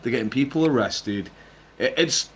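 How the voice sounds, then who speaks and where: A man with a mid-range voice, neither high nor low, ribbing his co-hosts on a casual podcast. He is sarcastic and crude, and he swears through nearly every sentence. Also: expressive, moderate pace, fairly bright tone, slight background noise. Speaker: podcast co-host.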